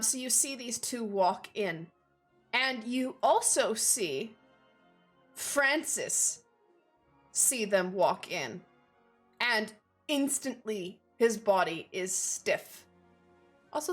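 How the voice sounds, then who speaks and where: A woman's voice: fairly high pitch, fairly bright tone. Chatty young woman running a tabletop game. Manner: casual, rambling, with filler words. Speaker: game master.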